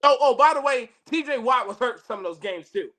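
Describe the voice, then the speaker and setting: A podcast co-host in casual sports chat, emphatic and rising to rhetorical outbursts, then dropping soft. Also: mid-range voice, expressive, fairly quick. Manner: emphatic, rhetorical questions, swings loud and soft.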